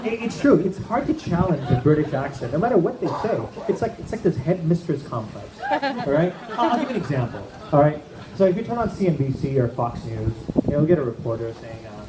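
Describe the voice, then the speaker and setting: A man performs a stand-up comedy set with a slightly high voice, talking chattily and often checking in with his audience. The recording has a roomy echo and clear background noise. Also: sing-song, fairly quick. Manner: chatty, keeps checking in with the crowd. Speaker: amateur stand-up comic. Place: event room with a live audience. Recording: echoey room with background noise.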